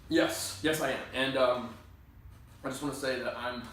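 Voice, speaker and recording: A young man playing an eager actor at an audition, talking in hesitant, halting restarts, recorded from a distance in an indoor room. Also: mid-range voice, fairly even intonation, a bit bright, close to an everyday voice. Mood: nervous eager. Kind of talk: comedy sketch acting. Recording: distant mic, very echoey room, faint hiss.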